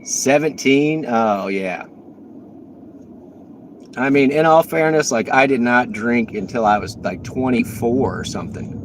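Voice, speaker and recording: A chatty man livestreaming from the road, joking with his viewers in an easy, mid-pitched voice. Traffic and car noise sit clearly behind him on an outdoor street recording. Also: a little slow, rough recording. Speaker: rideshare driver and livestreamer. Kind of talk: casual livestream chat while driving. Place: on an electric cargo bike in traffic. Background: traffic and vehicle noise.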